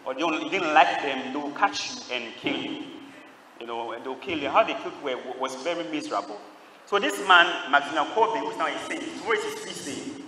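A man's voice: a little high, bright, forceful tone, slight background noise. A man preaching a sermon to a large crowd, questioning them and drawing answers back in call-and-response. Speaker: priest. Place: large church. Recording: echoey hall, distant mic.

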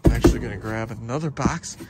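Talking fast in a mid-range voice, a man sorts through a store's dumpster outside while vlogging casually to the camera. His excitement often sinks to a half-whisper, and he exclaims and laughs a lot amid heavy background noise and clatter.

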